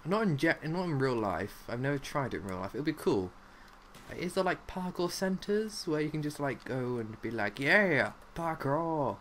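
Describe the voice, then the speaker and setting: A man's voice: on the high side, sing-song, normal speed, a little hiss or hum. Rambling young man commentating a game. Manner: rambling, silly, jumps between topics, lots of "like". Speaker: gaming commentator. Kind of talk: live gameplay commentary.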